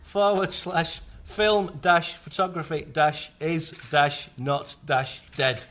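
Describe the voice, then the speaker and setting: Brief: slow, deliberate man reading links, slightly high voice, faint hiss. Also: fairly bright tone. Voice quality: spells out web addresses deliberately. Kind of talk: casual studio chat.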